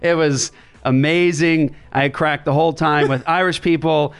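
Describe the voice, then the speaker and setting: A man hosting a casual chat show from a makeshift studio, talking in an animated, rambling way with many restarts and fillers. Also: a little high, normal speed, gravelly, clear, resonant tone. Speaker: podcast host. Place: makeshift studio in a writers' room.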